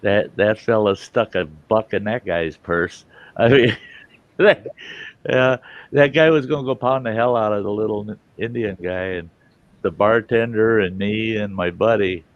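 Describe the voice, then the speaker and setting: A man's voice: on the low side, measured pace, no echo, dull audio. A man telling a rambling, profane anecdote in a casual, chuckling way, as the host of a storytelling show.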